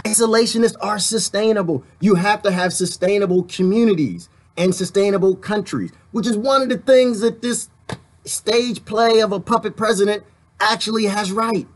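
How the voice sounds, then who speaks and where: A man giving a rambling, animated political rant to his online viewers, talking straight to them and laughing along the way. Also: sits high, moderate pace. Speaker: vlogger.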